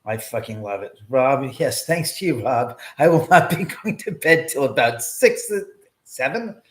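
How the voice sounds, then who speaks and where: A man hosts a livestream from his home, buzzing on caffeine. He rambles and swears giddily, and his pitch swings widely. His voice rings in a roomy, echoey space. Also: animated, a little slow. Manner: rambling, profane, giddy. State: wired on caffeine. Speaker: livestream host. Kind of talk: casual livestream chat. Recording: echoey room.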